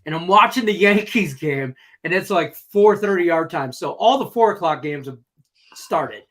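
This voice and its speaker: A man's voice: high voice, expressive, normal speed, a bit bright. A man co-hosting a sports betting chat, telling a rambling story with casual swearing. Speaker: co-host.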